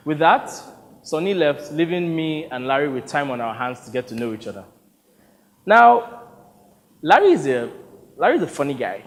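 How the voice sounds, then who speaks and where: A man's voice: on the high side, big pitch swings, normal speed, pauses often, in a large hall. Nigerian man, wry storytelling on stage. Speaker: solo stage performer narrating. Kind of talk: one-man theatre monologue.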